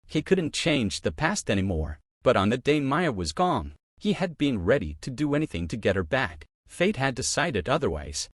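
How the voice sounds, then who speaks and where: A man narrating a love story with an expressive, emotional reading. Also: medium pitch, moderate pace, few pauses, dry recording, studio quality.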